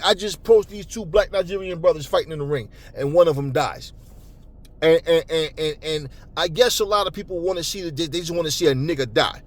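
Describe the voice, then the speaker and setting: A man, his voice sitting fairly high for a man, goes off in a heated, profane rant. He stammers and repeats words as he gets worked up, talking off the cuff to his audience. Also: fairly quick. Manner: calmer and lower later on. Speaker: boxing commentary channel host. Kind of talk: angry unscripted rant to camera.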